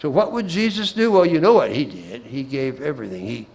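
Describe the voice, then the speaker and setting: Lively, gravelly man giving a Bible class. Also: mid-range voice, fairly quick, a little hiss or hum, rough recording. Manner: folksy, with humorous anecdotes and asides; repeats words as he restarts phrases.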